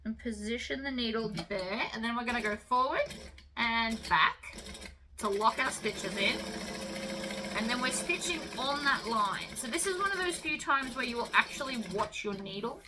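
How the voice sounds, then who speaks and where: A woman's voice: a little high, moderate pace, noisy background. A woman giving a casual, chatty sewing tutorial, explaining each step as she works.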